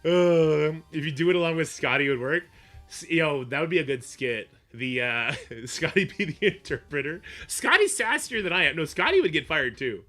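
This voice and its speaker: Bright-voiced swearing male streamer. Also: fairly high pitch, normal speed, soft background music. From Canada. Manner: profane, animated, answers chat. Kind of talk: casual livestream chat.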